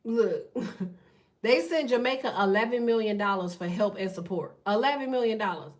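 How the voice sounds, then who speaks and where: A woman hosting a tarot channel, talking in a blunt, profane, fast casual rant. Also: medium pitch, distant mic. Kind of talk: casual ranting monologue.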